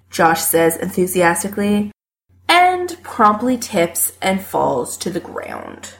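A woman narrating a story with expressive delivery. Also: mid-range voice, slow pace, creaky. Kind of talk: story reading.

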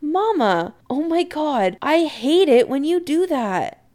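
A woman voicing a flustered young man who pleads with his meddling mother, in an exasperated, animated way. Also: sits high, a little slow, pitched above the performer's own voice, exaggerated voice.

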